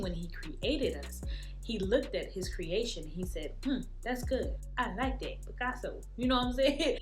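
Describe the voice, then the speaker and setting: Animated young woman telling her story. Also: medium pitch. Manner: animated, laughs often, slips into playful voices. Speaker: vlogger. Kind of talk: candid personal storytelling.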